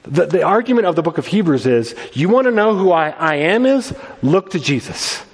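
A man's voice: high-pitched, animated, a little fast, long reverb tail. A male pastor preaching a sermon in a conversational way, often restarting his sentences and quoting scripture.

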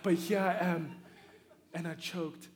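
A man from Africa preaching a sermon through a personal story, animated and swinging between hushed tones and excited shouting. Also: on the high side, slow pace.

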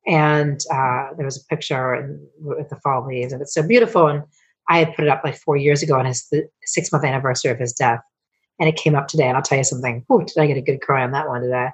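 A middle-aged woman, a coach and founder, telling personal stories as a podcast guest, emotional and swearing freely as she rambles with quick restarts. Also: extremely low pitch, steady tone, breathy edge. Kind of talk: candid storytelling interview.

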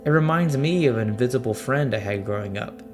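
A man voicing a quiet, reflective male crewmate who speaks softly. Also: medium pitch, animated, brisk, faint music behind, lightly acted. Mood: wistful. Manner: soft, reflective.

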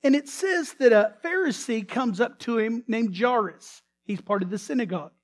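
A man's voice: very high voice, animated, moderate pace. A male pastor preaching a sermon who retells a story dramatically and often restarts or repeats his words. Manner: dramatic storytelling, swinging between loud emphasis and hushed tones.

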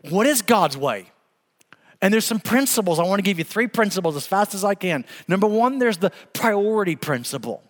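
A man's voice: high voice, very animated, moderate pace. A man in his forties preaching a sermon as pastor, telling a story with emphasis and laughing now and then. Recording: long hall reverb.

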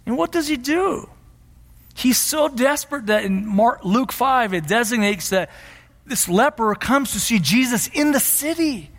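A man's voice: extremely high pitch, lively intonation, a little slow, a bit bright, big-room sound. A man preaching a sermon as pastor, emphatic and repeating his key phrases.

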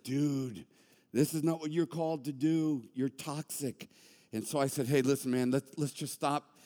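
A man preaching a sermon as a pastor, animated and conversational, with joking asides. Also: mid-range voice, in a large hall. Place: church sanctuary.

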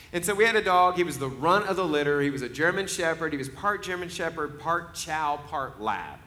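Bright-voiced man preaching a sermon. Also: on the high side, a little hiss or hum. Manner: conversational storytelling, rising to loud laughing emphasis. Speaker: pastor.

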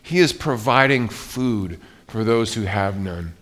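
A man's voice: fairly low pitch, lively intonation, slow, fairly bright tone. Man preaching in a conversational way. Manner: conversational preaching with frequent restarts. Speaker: pastor. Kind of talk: sermon. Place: church.

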